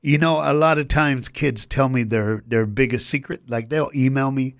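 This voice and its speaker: In a radio studio interview, an American motivational speaker tells stories fast and emphatically, acting out the quotes. His voice is medium in pitch, with no room sound.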